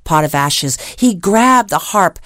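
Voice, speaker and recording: A woman storyteller spins a fairy tale at a slow, unhurried pace. She is expressive and dramatic, with long pauses and playful sound effects, recorded dry and close. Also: on the low side, no room sound. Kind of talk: oral storytelling.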